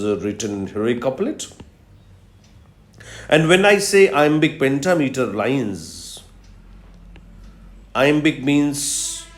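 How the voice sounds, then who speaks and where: This recorded video lecture features a medium-pitched male professor of literature speaking without hurry. The room echoes as he builds his explanation step by step, repeating key terms and leaning on "uh" fillers.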